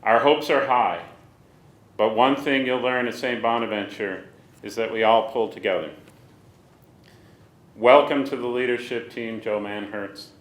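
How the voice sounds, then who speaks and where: A man's voice: mid-range voice, measured pace, long pauses. Formal man reading a welcome speech. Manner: formal, reads from a script. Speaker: university official introducing the new director. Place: large conference hall. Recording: echoey hall.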